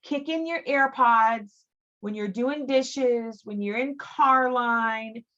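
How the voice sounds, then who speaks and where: A woman's voice: fairly high pitch, takes it slowly, a bit bright, lo-fi sound. A middle-aged woman leading a team training call, talking in a chatty, emphatic way that often repeats words for stress. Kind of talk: motivational training talk.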